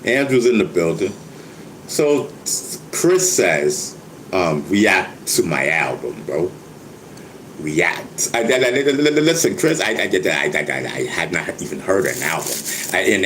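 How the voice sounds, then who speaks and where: A man's voice: lowish voice, slight background noise, rough recording. An older man, talking casually to his viewers, stammering, repeating words and laughing often. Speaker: vlogger, rapper. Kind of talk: casual livestream monologue.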